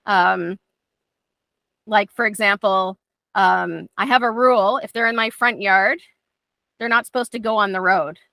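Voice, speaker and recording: Speaking in a mid-range voice with no echo, a middle-aged woman runs a dog training class casually and chattily, frequently acting out her dogs' thoughts in lively voices.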